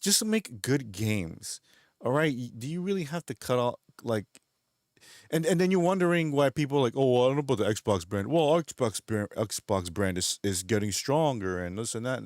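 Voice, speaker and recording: A man's voice: medium pitch, no room sound, studio quality. A man streaming, chatting casually while gaming, rambling along and laughing often. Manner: rambling, laughs often, does goofy voices in retold scenes.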